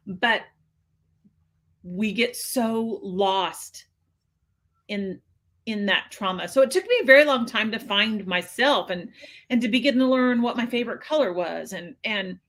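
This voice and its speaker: A woman's voice: mid-range voice, fairly bright tone. A woman in her sixties, a podcast guest, telling her own story in a candid, earnest way with frequent restarts. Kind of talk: personal storytelling.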